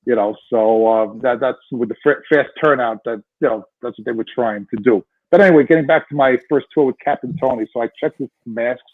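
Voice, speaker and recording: A husky-voiced man in his sixties tells his story as a podcast guest, animated and full of restarts. His voice comes through a thin, tinny phone-like line. It sounds dry, with no room around it. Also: medium pitch, fairly quick, hardly any pauses, dry recording. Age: 60s. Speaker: guest, retired fire lieutenant.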